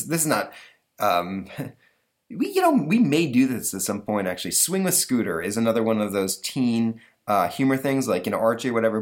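A man hosting a podcast, chatting casually and rambling with lots of fillers. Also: fairly low pitch. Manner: rambling, filler-heavy, lively. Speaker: podcast host. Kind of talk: casual chat.

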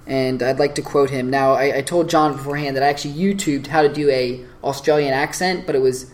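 A man's voice: medium pitch, fairly even intonation, fast. A man co-hosting a podcast, telling stories in a rambling, hesitant way. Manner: rambling, hesitant storytelling with fillers. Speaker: podcast co-host. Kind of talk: casual chat.

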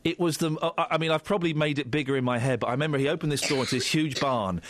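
A man's voice: a little high, very fast, fairly bright tone. A man hosting a jokey breakfast radio show, teasing his co-hosts with mock outrage.

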